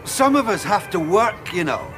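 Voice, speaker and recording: A pompous middle-aged politician in a TV sitcom. He talks down to old friends in a bright, animated voice that sits a touch high, with faint music behind him. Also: moderate pace. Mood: indignant. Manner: pompous, condescending. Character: pompous socialist politician who lost his roots. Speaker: politician character. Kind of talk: TV sitcom acting.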